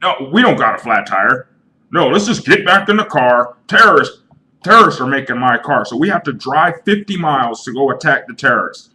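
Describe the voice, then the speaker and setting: A man voicing a frantic, bossy man in denial who shouts everyone down in a shrill voice. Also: lively intonation, a little fast. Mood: insistent. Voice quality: shrill, yelling.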